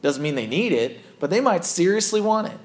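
A man's voice: high voice, big pitch swings, brisk. A man preaching a sermon as a pastor, earnest and conversational, often correcting himself mid-sentence.

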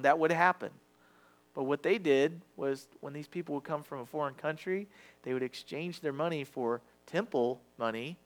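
A man preaching a sermon in a conversational, confessional way, acting out quoted voices. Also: a little high. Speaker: pastor.

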